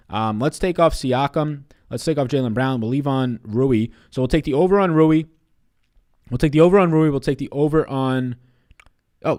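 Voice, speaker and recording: A young sounding man in his twenties runs a live stream of fantasy basketball picks. He talks loosely and swears freely, reading out questions from the chat and answering them on the spot. His voice sits at an ordinary middle pitch for a man. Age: 20s.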